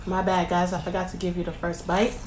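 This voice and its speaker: A woman's voice: lowish voice, monotone, a little fast. Woman, chatty giggly eating-show host, casual talk, echoey room, faint background noise. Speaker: mukbang host.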